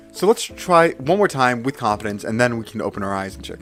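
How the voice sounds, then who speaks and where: A man's voice: on the low side, fairly bright tone. A young man live streaming a memory challenge, reciting strings of digits in bursts and correcting himself with flustered apologies.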